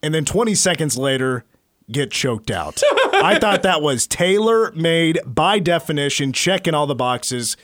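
A man's voice: on the high side, unhurried, no echo, studio quality. A man hosting a sports talk show, casually retelling sports stories. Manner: storytelling, animated retelling. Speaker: sports radio host.

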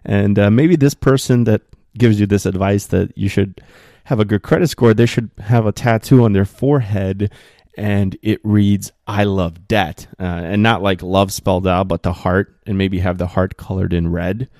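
A man with a low, mellow voice hosts a solo podcast from a spare room at home. The recording is dry and close, with no room sound. He talks loosely and fills gaps with "uh" and "um", and he grows heated as he talks. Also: normal speed, no room sound. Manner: animated, gets worked up, many fillers. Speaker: podcast host.

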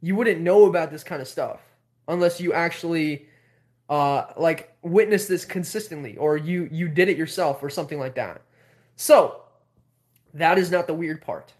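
A man hosting a livestream, telling a story casually in a rambling, animated way with many filler words. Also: fairly high pitch, normal speed. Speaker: host.

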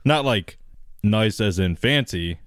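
Chill guy on a podcast, low voice, cusses offhand, dry close mic. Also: lively intonation, slow pace, dry recording. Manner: laid-back, blunt, swears casually. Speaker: podcast co-host. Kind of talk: casual chat.

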